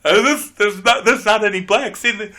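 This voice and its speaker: A man's voice: high-pitched, moderate pace, pushed and bright. Sex: man. Role: podcast guest host. Style: casual comedic chat. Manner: rambling, brash, laughing.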